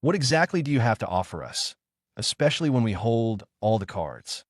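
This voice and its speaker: A man voicing a stern, weary old male village leader with a deadpan manner. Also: fairly low pitch, moderate pace, no room sound, studio quality.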